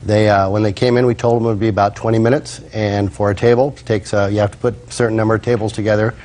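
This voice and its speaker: Male witness, courtroom testimony, hesitant with fillers, lowish voice. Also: flat delivery, fast, a little mellow. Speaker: restaurant manager, witness.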